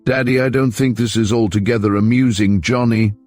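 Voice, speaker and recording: A man's voice: low-pitched, wildly swooping pitch, a little slow, a little mellow, slightly rough, dry recording, soft background music, full character voice. A man voicing a shaken young bride whose voice trembles near tears. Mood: strained. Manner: trembling, strained.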